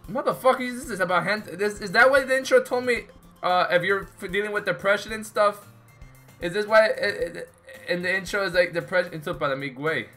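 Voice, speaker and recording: A man's voice: sits high, a little fast, pushed and bright, soft background music. A young man streaming a game, rambling and swearing in exasperation while he chats with viewers and friends. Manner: talks to chat and friends. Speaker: gaming streamer. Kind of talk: casual live-stream commentary.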